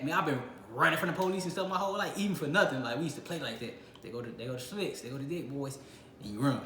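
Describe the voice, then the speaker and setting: Speaking in a bright, forceful, fairly high-pitched voice, the channel host, a young man from Illinois, shares a casual story from his own life and performs his reactions. The recording has an echo and slight background noise.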